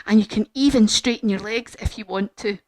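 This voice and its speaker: A woman leading a children's yoga lesson as a story, animated and encouraging. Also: medium pitch, a little fast, no echo. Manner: animated, encouraging, sing-song. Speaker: kids yoga teacher.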